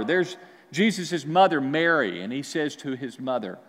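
A man preaching a sermon as pastor, with animated delivery that swings from quiet to loud. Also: a little high, normal speed, long reverb tail.

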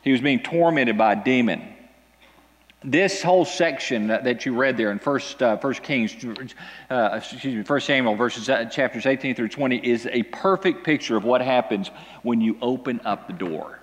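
Animated male preacher in a reverberant hall. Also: moderate pace. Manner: animated, dramatic storytelling with big pitch swings. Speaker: pastor. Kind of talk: sermon. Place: church hall with an audience.

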